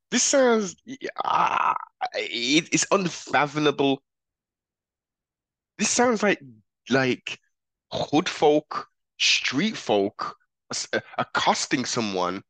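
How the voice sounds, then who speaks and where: A man's voice: on the high side, sing-song, takes it slowly, long pauses, a bit bright, no echo. A man giving casual reaction commentary, talking in an emphatic, slangy way and often repeating himself. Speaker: commentator reacting to police footage.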